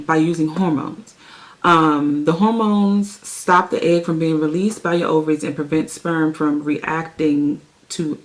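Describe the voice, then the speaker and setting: Chatty young American woman vlogging. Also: lowish voice. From USA. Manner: chatty, many "um" fillers, apologetic asides. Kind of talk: casual vlog talk to camera. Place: home basement.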